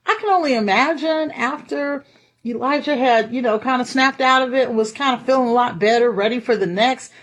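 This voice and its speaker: High-voiced woman preaching animatedly. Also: fairly quick. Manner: animated, acts out Bible scenes with laughs. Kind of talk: sermon.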